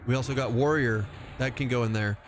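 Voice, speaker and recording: Male streamer, mid-pitched, loose rambling live-stream chat with viewers, lots of casual swearing. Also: steady tone, brisk, a little hiss or hum. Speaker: game streamer.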